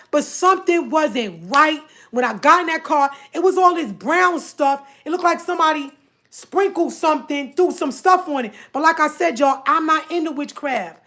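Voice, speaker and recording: A woman telling a personal story to her viewers in a casual, animated way, often acting out what others said. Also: high voice, normal speed. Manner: animated, repeats herself, quotes others in dialogue.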